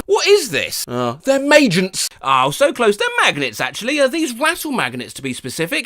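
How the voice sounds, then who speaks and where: A bright, high-pitched man with a wildly lively voice, hamming up odd noises and silly words. He leaps between yelps, mock sound effects and chatty asides to his viewers. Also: a little fast. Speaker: comedy YouTuber.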